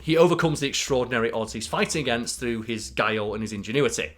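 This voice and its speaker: A man co-hosts a casual film podcast and gives blunt, opinionated takes. He swears freely as he talks. His voice sits at an ordinary middle pitch. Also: quick pace, background noise. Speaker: podcast co-host.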